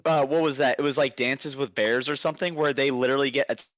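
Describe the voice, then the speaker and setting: A man's voice: medium pitch, fairly even intonation, quick pace, fairly bright tone, no room sound, muffled recording. A man hosting a casual podcast chat, talking in a rambling, profane way with many restarts. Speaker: podcast host.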